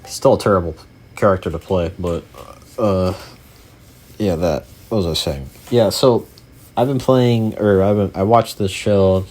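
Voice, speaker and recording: Young male gaming host with a very deep voice; loose, rambling commentary full of fillers and casual cursing. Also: a little slow, a little mellow.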